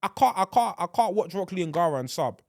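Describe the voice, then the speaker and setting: A man's voice: high-pitched, lively intonation, fast, creaky, darkish tone, no echo, studio quality. A young man hosting a podcast, chatting casually and animatedly, often restarting his sentences. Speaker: podcast host. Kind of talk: casual solo podcast chat.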